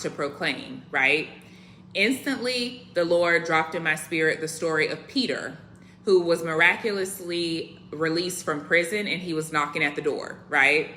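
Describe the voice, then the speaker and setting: A woman who creates Christian content delivers an earnest prophetic devotional message, often tagging her lines with "right?" and "okay?". Her voice is low and sharp, with a little hiss or hum.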